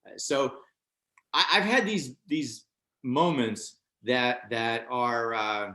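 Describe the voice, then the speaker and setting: A man's voice: mid-range voice, takes it slowly, roomy sound. Older male comedian telling a story. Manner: animated, acts out other people's lines with raised voice. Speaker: stand-up comedian guest. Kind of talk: storytelling anecdote in a casual interview.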